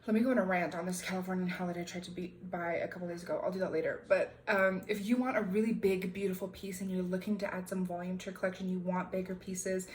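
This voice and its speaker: A woman's voice: on the low side, fairly even intonation, quick pace, hardly any pauses, a little hiss or hum, low-quality recording. Chatty, bubbly young woman vlogger. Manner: bubbly and chatty, lots of fillers. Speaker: crystal unboxing vlogger. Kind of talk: casual chat. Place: room at home.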